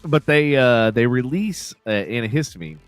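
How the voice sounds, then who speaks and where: Stuffed-up man with a lively pitch. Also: normal speed, dry recording, soft background music. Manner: laughs often, swears freely, rambling asides. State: stuffed-up nose. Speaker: podcast co-host. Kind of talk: casual chat.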